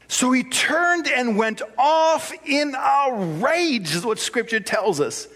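A man's voice: extremely high pitch, lively intonation, takes it slowly, hardly any pauses, a bit bright. A man preaching a sermon, telling the story in a playful, conversational way.

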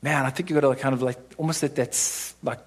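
A man delivering a sermon from the pulpit in a slightly husky, breathy voice. He preaches with emphasis, pressing his points home with rhetorical questions and quick asides. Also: medium pitch, steady tone. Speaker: pastor.

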